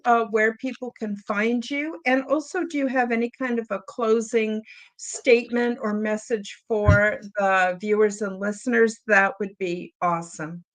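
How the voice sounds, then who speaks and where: Woman podcast host, halting speech. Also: on the high side, a bit bright. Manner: halting, with many "uh" fillers. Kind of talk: interview.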